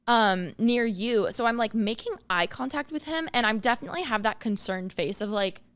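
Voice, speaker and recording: A young woman co-hosting a podcast, telling a story in a casual, animated way, full of fillers. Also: fairly high pitch, normal speed. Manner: animated, filler-heavy storytelling with acted-out quotes. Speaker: podcast co-host.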